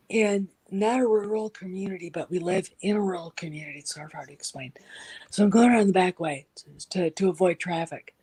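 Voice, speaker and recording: Woman, husky, casual chat, animated storyteller, mid pitch. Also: poor audio. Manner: animated storyteller, acts out quotes.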